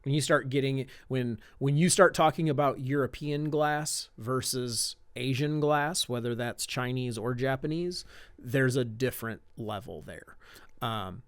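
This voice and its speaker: A man from Indiana, a guest on a podcast, explaining his point through quick hypothetical examples. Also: mid-range voice, clear, resonant tone, no room sound. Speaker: optics company guest. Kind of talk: podcast conversation.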